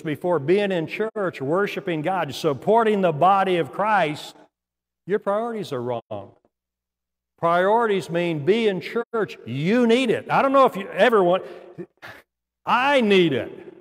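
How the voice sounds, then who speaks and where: A man's voice: high-pitched, big-room sound. An older man, a pastor, preaching a sermon in folksy storytelling style with asides and laughs. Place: church sanctuary.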